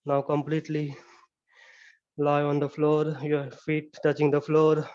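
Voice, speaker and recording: Calm man guiding yoga relaxation. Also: on the high side, lo-fi sound. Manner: slow, calm step-by-step guidance with frequent "you know". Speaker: yoga instructor. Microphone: camera mic.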